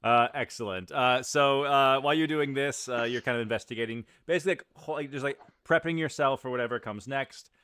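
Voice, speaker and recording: A man's voice: mid-range voice, brisk, hardly any pauses, sharp tone, clean tone, no echo, studio quality. A man narrating as game master of a tabletop game, talking loosely with lots of fillers.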